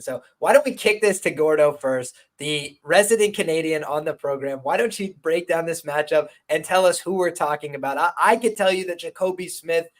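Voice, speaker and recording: Higher-voiced man hosting a fight show. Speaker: podcast host. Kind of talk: casual sports betting chat.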